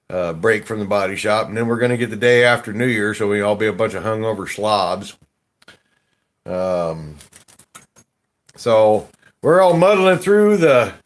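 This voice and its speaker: A man hosting a casual gold panning chat, rambling in a slow, folksy drawl with slangy grammar, laughing often while drinking beer. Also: mid-range voice. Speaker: gold panning channel host.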